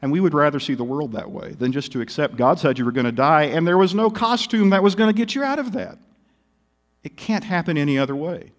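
A man's voice: a little high, lively intonation, brisk, long reverb tail. A male pastor preaching a sermon, telling stories animatedly with wry humor.

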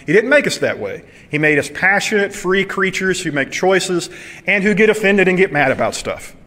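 Preaching man in a reverberant hall. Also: a little high. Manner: animated, conversational preaching with rhetorical questions. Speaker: pastor. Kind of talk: sermon.

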